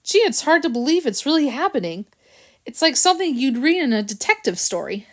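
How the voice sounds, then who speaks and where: A woman voicing a gentle, timid young male dog who talks sheepishly and earnestly in a storybook. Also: sits high, very animated, brisk, pitched above the performer's own voice.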